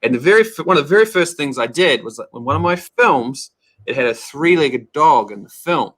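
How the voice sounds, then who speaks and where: A man's voice: on the high side, animated, brisk, a bit bright. A man in his thirties with a New Zealand accent, chatting as an upbeat, joking guest on an interview show. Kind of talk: casual interview chat.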